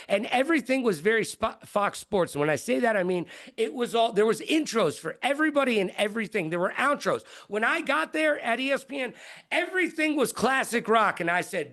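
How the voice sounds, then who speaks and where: A middle-aged man, a broadcaster, telling stories in an interview with lively quoted voices. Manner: lively, jumps into high-pitched quoted voices. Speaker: guest broadcaster. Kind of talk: animated storytelling in an interview.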